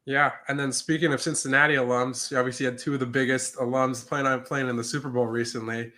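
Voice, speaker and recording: A man's voice: medium pitch, little pitch movement, quick pace, sharp tone. A man hosting a sports interview, asking friendly, conversational questions.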